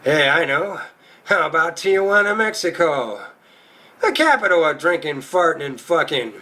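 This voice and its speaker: On stage doing stand-up, a man tells rowdy, profane, crude stories. The high voice comes across bright and sharp, swinging widely in pitch at a normal speed.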